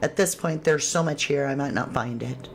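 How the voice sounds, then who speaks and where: Her voice rumbles low at a moderate pace, with a little hiss or hum in the audio. She hosts a true crime livestream, offering casual commentary, reading the chat out loud and breaking into sudden exclamations.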